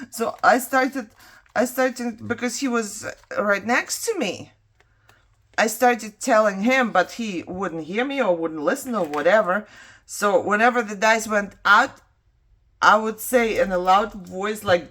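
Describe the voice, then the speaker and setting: A woman's voice: on the high side, animated, slow pace, a bit bright. Chatty woman, English not her first language. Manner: rambling, laughs often, talks to herself while working. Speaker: craft vlogger. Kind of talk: chatty storytelling while crafting.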